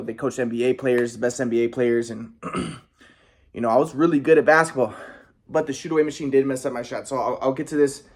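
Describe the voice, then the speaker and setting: A man in a casual monologue, rambling and boastful, often restarting his sentences and clearing his throat. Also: mid-range voice. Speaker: vlogger.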